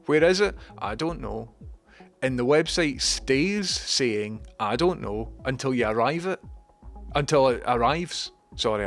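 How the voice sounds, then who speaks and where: A man hosting his own livestream in a mid-pitched voice, chatting loosely and drifting into sarcastic, sweary tangents. Faint music plays quietly behind him. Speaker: livestream host. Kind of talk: rambling livestream chat.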